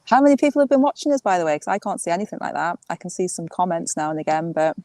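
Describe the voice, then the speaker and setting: An English woman co-hosting a casual live chat, relaxed and laughing at herself. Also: fairly low pitch, very fast, dry recording. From England. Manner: relaxed, laughing, self-deprecating. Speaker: co-host of a metal detecting channel.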